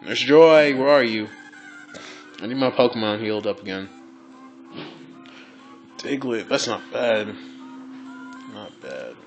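A man giving casual, excitable gameplay commentary, swearing, laughing and repeating phrases. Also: lowish voice, slow, long pauses, faint music behind, low-quality recording.

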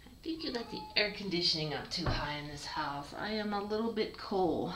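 A woman voicing a sweet, easygoing male kitten in a soft whispered role-play. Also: on the low side, animated, a little fast, noisy background, natural voice. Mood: contented. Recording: echoey small bathroom, mic far off.

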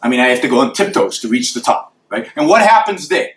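A man's voice: medium pitch, expressive, fast talker, a bit bright, reverberant, low-quality recording. A man answering audience questions after a university lecture, arguing emphatically and sketching graphs in the air.

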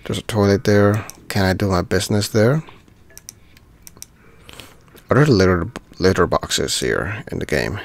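A man's voice: sits low, animated, a little slow, pauses often. A man giving casual commentary while playing a video game, thinking aloud and easily delighted by small things. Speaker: gaming channel host.

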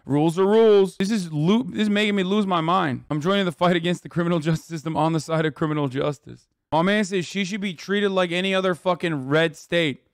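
Male streamer, high voice, dry close mic; heated, profane rant to chat. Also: brisk, no room sound. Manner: angry, profane, reads news aloud then rants at chat. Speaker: streamer reacting to news.

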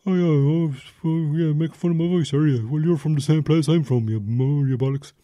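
A man's voice: on the high side, a little fast, warm tone, voice pushed up, lightly acted. A man voicing an indignant man from Offaly with an Offaly Irish accent, huffy and swearing because someone mocked his accent.

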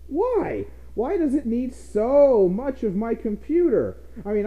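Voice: medium pitch, mellow. A vlogger delivering an exasperated comedic rant, complaining and repeating himself for effect.

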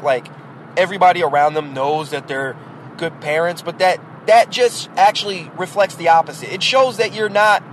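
Poor audio with slight background noise captures a high-voiced man hosting a podcast. Speaking as a parent, he offers a blunt, long-winded, opinionated monologue on raising kids in a casual style, rhetorical and directed at the listener.

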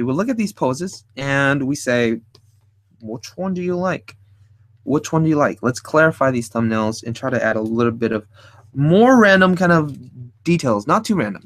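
Hosting a relaxed live drawing tutorial, a man with a medium-pitched, fairly bright voice muses aloud as he sketches and adds playful sound effects. The recording has no room sound, and he's the art stream host.

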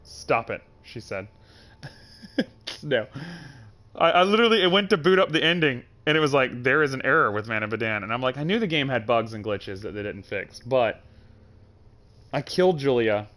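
A man streaming a game live, chatting in an animated, joking and profane way. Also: mid-range voice, moderate pace, long pauses. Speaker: gaming streamer. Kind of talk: casual live-stream commentary.

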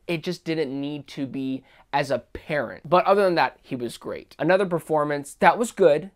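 A young man giving a casual, opinionated spoken film review, enthusiastic and often restarting his sentences. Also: mid-range voice. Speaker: movie reviewer.

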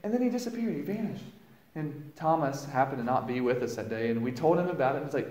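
A man preaching a dramatic first-person monologue, storytelling and swinging from hushed lows to loud exclamations, recorded in a church. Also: expressive, quick pace. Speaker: pastor. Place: church sanctuary. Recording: roomy echo.

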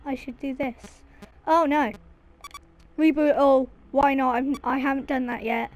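High-voiced woman panicking through a horror game. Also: measured pace. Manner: panicky, excitable, shrieks and mutters to herself. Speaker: gaming video creator. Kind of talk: let's play commentary.

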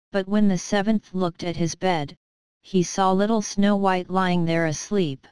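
A woman's voice: fairly low pitch, measured pace, darkish tone, clean tone, no room sound, poor audio. A woman narrating a fairy tale in careful, evenly paced scripted narration for English learners. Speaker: storybook narrator.

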